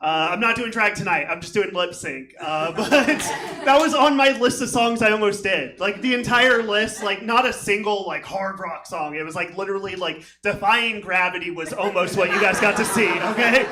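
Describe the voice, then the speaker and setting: A man's voice: high-pitched, normal speed, few pauses, bright, forceful tone, slight background noise. A man doing a stand-up comedy set on a theater stage, rambling and self-deprecating with many fillers, recorded live with a crowd laughing. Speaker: stand-up comic. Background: audience laughter.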